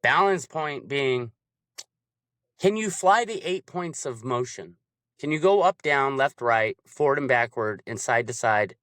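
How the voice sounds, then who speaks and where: A man talks animatedly about coaching in a casual chat. His voice sits at a middle pitch, and he keeps jumping into quick impressions to act out examples. The sound is close and dry, with no room around it. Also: animated, a bit bright, dry recording.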